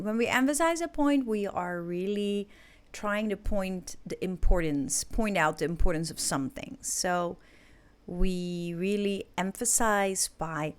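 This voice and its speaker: A woman English teacher giving a recorded listening lesson, explaining points slowly and checking in with her students. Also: fairly low pitch.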